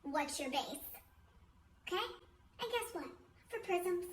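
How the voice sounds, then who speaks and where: A woman's voice: very high-pitched, animated, measured pace. A young woman math teacher giving a playful, chatty video lesson. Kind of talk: energetic classroom video lesson. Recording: echoey room with faint noise.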